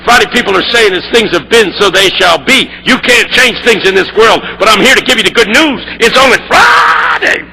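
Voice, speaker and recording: A man voicing a fiery, relentless old preacher who builds to a shouted refrain. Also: high voice, very animated, fairly quick, creaky, few pauses, breathy edge, long reverb tail, full character voice, poor audio. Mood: fervent.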